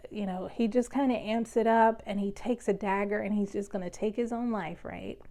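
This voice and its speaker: A woman's voice: medium pitch, mellow. A woman giving a casual tarot reading, chatty and rambling, often breaking into laughter. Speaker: tarot reader.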